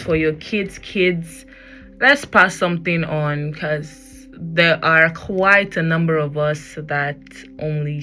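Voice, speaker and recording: Nigerian lady doing a chatty podcast rant, bright punchy voice, bit low, switches to pidgin. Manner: animated, switches into pidgin, laughs often. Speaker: podcast host. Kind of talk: casual solo podcast rant. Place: Germany.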